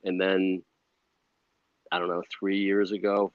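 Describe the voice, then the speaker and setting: A man guest telling a long personal story in a casual interview, rambling and animated with many asides. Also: low voice, measured pace, dry recording, muffled recording. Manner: rambling, animated, full of "you know" asides.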